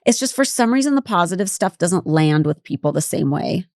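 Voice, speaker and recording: A woman's voice: on the low side, animated, fairly quick, a little mellow, no room sound, clean studio sound. A woman in her forties co-hosting a podcast, talking in a candid, wry way and sometimes mimicking others. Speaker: podcast co-host. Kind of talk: casual podcast rewatch chat.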